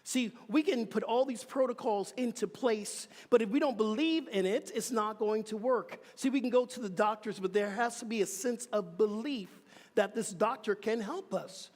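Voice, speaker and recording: A man giving a sermon as reverend, telling animated personal stories with chatty asides to the congregation. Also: high voice, normal speed. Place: church hall. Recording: reverberant hall.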